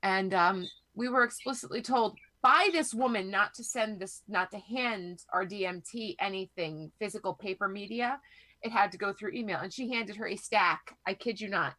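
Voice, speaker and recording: A woman in her thirties, hoarse from a cold, chatting as a podcast co-host and telling rambling, profane stories. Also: medium pitch, normal speed, pushed and bright. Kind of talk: casual chat.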